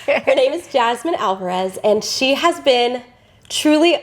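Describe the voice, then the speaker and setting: A woman's voice: high voice, lively intonation, a little slow, heavy background noise. A young adult woman co-hosting a podcast, opening the episode in an enthusiastic way and laughing easily. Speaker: podcast co-host. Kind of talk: podcast introduction.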